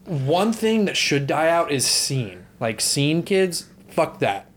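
A man's voice: fairly high pitch, very animated, slow, a little hiss or hum. A young man co-hosting a casual movie podcast, rambling and swearing freely. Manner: rambling, swears, laughs often. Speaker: podcast co-host.

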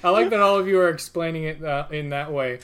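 A man serves as game master for a tabletop game, narrating in a chatty, easygoing way. His voice sits slightly high, and he laughs and fills pauses often. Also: fairly bright tone, clear, resonant tone. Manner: chatty, laughing, frequent fillers.

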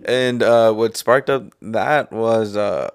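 A man's voice: lowish voice, takes it slowly, clean tone, no echo, studio quality. A man co-hosting a podcast, telling a story in loose slang with laughs. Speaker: podcast co-host. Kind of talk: casual chat.

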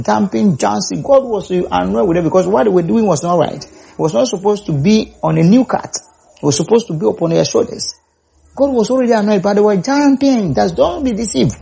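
Male preacher, mellow husky voice, emphatic and repetitive. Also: sits high. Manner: rising to emphatic calls, repeats words. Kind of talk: sermon.

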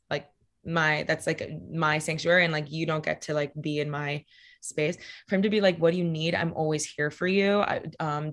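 A woman's voice: low-pitched, fairly bright tone. A young adult woman telling personal stories in casual talk, candid and full of "like" fillers and swearing, acting out quoted lines.

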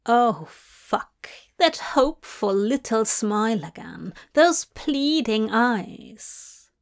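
A woman narrating a fanfic in a slow, measured reading. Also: a little high, expressive. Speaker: fanfic reader. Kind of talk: scripted narration.

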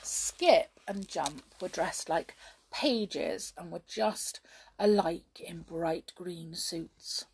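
A woman reading a children's storybook aloud, slow and expressive. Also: fairly low pitch, slightly rough.

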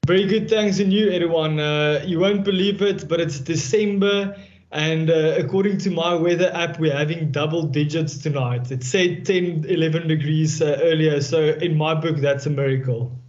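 A man co-hosting a casual show over a video call, relaxed and hesitant. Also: on the high side, normal speed. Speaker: co-host. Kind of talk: casual hosted chat. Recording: muffled video call audio.

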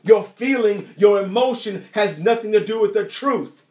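A man's voice: high voice, lively intonation, moderate pace, warm tone. A man preaching a sermon in an emphatic, repetitive style, asking the congregation rhetorical questions. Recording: echoey room.

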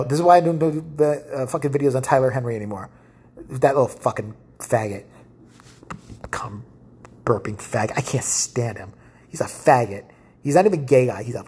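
Woman, podcast host, husky, low-pitched, swooping and animated, crude blunt rant. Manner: profane, blunt, ranting with frequent restarts. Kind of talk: casual solo podcast rant.

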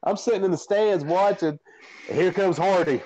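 A man's voice: high voice, normal speed, dull audio. A man, a podcast host and fighter, telling a rambling, profane story in a casual chat. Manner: animated, profane, rambling anecdotes.

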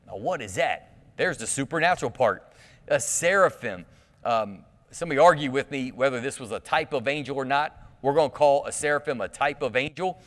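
A man's voice: mid-range voice, fairly quick, fairly bright tone, big-room sound. A pastor preaching a sermon in a conversational way, asking the congregation questions and often restarting his sentences.

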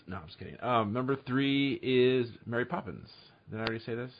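A man hosting a podcast in casual chat, briskly calling on the others in turn. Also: mid-range voice, a little hiss or hum. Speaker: podcast host. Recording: slightly dull recording.

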